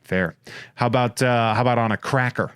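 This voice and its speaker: A man hosting a podcast in casual comedic chat, rattling off wry, crude shout-outs and jokes. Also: medium pitch, steady tone, fairly quick, smooth, no echo. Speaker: podcast host.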